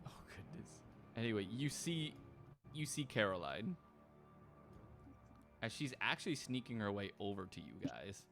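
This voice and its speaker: A man's voice: on the low side, big pitch swings, normal speed, gravelly, long pauses, a bit bright. Laid-back guy dm-ing, laughs a lot, faint music behind. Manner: laughing, easygoing. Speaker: game master. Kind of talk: narrating a tabletop game.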